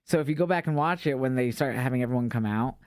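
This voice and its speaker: A man chatting casually as a podcast co-host, telling wrestling stories with lots of energy and frequent swearing. He slips into quoted voices as he goes. His voice sits at an ordinary middle pitch, recorded dry and close. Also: fast, clean tone, no echo. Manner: animated storytelling, swears often, acts out quotes. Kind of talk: casual chat recapping wrestling shows.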